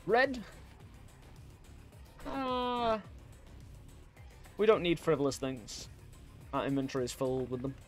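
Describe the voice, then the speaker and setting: A man's voice: fairly high pitch, big pitch swings, slow pace, long pauses, soft background music. A young English man rambling and joking at himself while chatting through a game stream. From England. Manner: rambling, self-deprecating, jokey. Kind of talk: casual gameplay chat.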